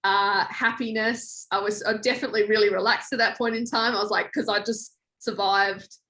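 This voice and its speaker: A young woman guest in a podcast interview, telling a story in a lively way and acting out quoted lines. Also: moderate pace. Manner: animated, acts out quoted lines with big pitch jumps. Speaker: guest, former reality show contestant.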